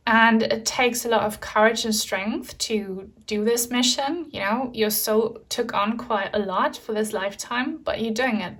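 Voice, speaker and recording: A woman giving a pick-a-card tarot reading, speaking softly and earnestly, reassuring the viewer and getting emotional at times. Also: medium pitch, recorded from a distance. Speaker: tarot reader.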